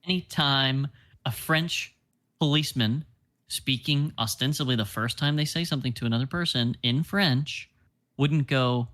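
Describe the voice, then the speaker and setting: A man's voice: medium pitch, normal speed, fairly bright tone. A man co-hosting a casual film review podcast, talking loosely with lots of filler and freely griping. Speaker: podcast co-host film critic.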